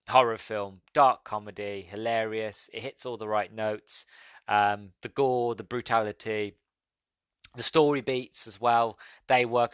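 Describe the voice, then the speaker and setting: A man's voice: mid-range voice, fairly bright tone, no echo. A young man hosting a podcast, chatting casually as he reviews a film, rambling and correcting himself as he goes. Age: young adult. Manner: rambling, self-correcting, laughs as he recounts scenes.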